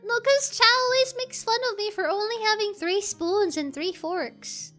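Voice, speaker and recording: A woman's voice: extremely high pitch, moderate pace, pushed and bright. A young woman chatting casually with her livestream viewers, rambling with lots of fillers and giggles. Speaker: VTuber streamer. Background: faint background music.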